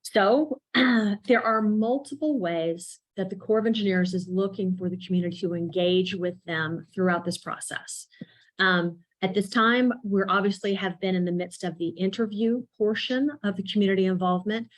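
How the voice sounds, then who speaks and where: A woman's voice: medium pitch, normal speed, low-quality recording. A woman consultant presenting a community involvement program at a public meeting, explaining at length with frequent fillers.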